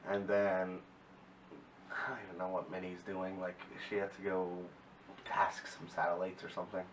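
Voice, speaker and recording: Low-voiced man recapping in an echoey room. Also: monotone, moderate pace, distant mic. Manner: rambling, corrects himself often. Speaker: TV episode reviewer. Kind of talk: casual episode recap. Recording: echoey room, mic set back, faint hiss.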